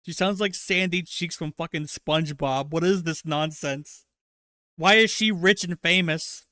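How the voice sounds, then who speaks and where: Man, livestream host, sarcastic and crude, bright edgy voice, dry close sound. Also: on the high side, a little slow, no room sound. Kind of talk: casual livestream commentary.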